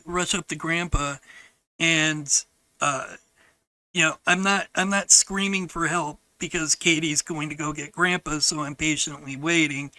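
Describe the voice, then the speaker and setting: Slow-talking man, bright voice. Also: fairly high pitch, no echo, low-quality recording. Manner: frank, halting and profane. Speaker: podcaster. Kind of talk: personal storytelling.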